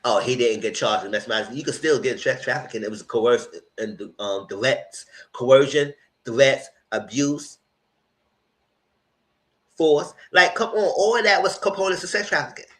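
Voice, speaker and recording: A man's voice: mid-range voice, normal speed, fairly bright tone, poor audio. A man hosting a live vlog, ranting with heated, emphatic and profane commentary. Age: adult, past graduate school. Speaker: vlog host.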